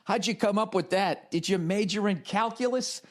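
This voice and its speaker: A man's voice: high-pitched, normal speed. A male comedian ranting sarcastically on a podcast and swearing constantly.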